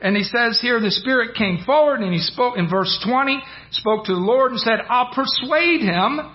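A man's voice: very high-pitched, normal speed. A man teaching from the Bible in an informal sermon, retelling a story with many fillers and restarts and acting out the quotes. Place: church. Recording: dull lo-fi church audio.

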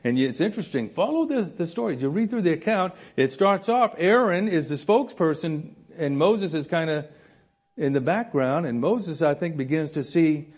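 A man preaching a sermon in a church room, animated, swinging between loud emphasis and soft asides with frequent chuckles. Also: a little high, breathy edge.

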